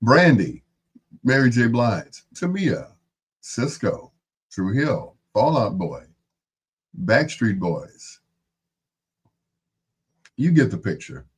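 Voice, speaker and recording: A man's voice: medium pitch, big pitch swings, slow, long pauses, breathy edge. A man hosting a late-night music show, talking casually and unhurriedly as he runs through long lists of names. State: out of breath. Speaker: radio host.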